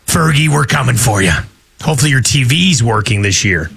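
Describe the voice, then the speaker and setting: A man's voice: mid-range voice, expressive, brisk, gravelly, fairly bright tone, breathy edge. A man hosting a radio sports talk show, joking casually and reading ads in an upbeat way. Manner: jokey, laughs easily, upbeat. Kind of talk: casual radio banter and ad reads.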